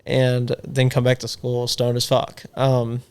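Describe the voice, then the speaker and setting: A man's voice: mid-range voice, monotone, a little slow, darkish tone, clear, resonant tone. A young man, a podcast guest, telling rambling, profane party stories in casual chat. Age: young adult. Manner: rambling, profane, laughing storyteller. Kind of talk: casual storytelling.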